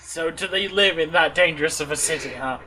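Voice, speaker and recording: High-voiced man murmuring dry quips. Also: a little fast, a crowd in the background, rough recording. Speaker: co-host friend. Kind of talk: casual reaction chat.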